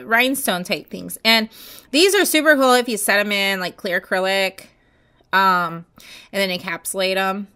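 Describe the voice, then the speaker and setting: A woman's voice: fairly low pitch, sharp tone, a little hiss or hum. A woman vlogger chatting casually and gushing as she unboxes nail art, with many ums.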